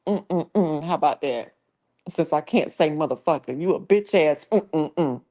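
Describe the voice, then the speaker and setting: A woman's voice: low voice, moderate pace, mellow. A woman hosting a casual livestream who talks profanely and scolds trolls in her chat in a confrontational tone. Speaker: livestream host.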